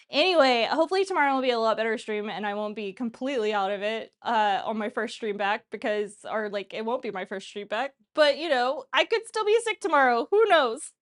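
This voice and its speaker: With a fairly high pitch and lively intonation, she speaks at a normal speed. She's in her thirties and hosts a cooking livestream, chatting casually, rambling, and laughing frequently.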